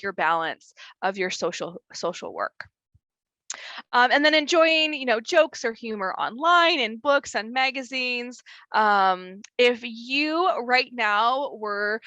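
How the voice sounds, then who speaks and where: A woman's voice: on the high side, fairly bright tone, dry recording, dull audio. A young woman presenting an online wellness workshop in a chatty way, with many fillers and easy laughter.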